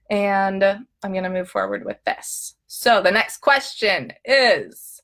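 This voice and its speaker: A woman's voice: medium pitch, measured pace, a bit bright. A woman coaching viewers in a live talk, upbeat and chatty, often checking in with "okay?" and acting out her own inner thoughts with drama. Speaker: emotional eating coach.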